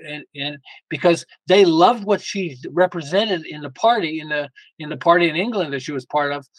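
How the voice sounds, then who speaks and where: High-voiced emphatic male guest. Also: normal speed, no room sound, poor audio. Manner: emphatic, lively storyteller with frequent restarts. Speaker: guest author. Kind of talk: casual interview talk.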